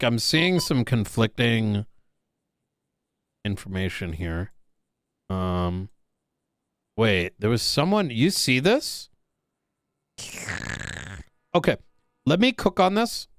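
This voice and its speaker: A man playing a police investigator in a role-play game, calmly questioning a witness with short prompts and follow-up questions. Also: medium pitch, slow, pauses often, no room sound, studio quality. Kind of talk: casual in-character questioning.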